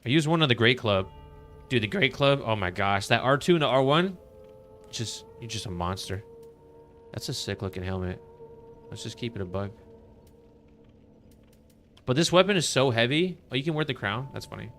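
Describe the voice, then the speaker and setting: A man's voice: on the low side, expressive, fairly quick, a bit bright, soft background music. A man streaming a game live, chatting casually with viewers and greeting them with upbeat enthusiasm. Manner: laid-back, greets chat members with upbeat enthusiasm. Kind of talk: casual live-stream chat while playing.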